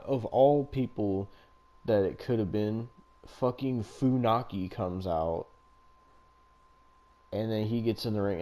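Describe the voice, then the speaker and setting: Low, mellow-voiced man recapping wrestling. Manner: rambling, profane, laughs often. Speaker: podcast co-host. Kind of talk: casual wrestling recap chat.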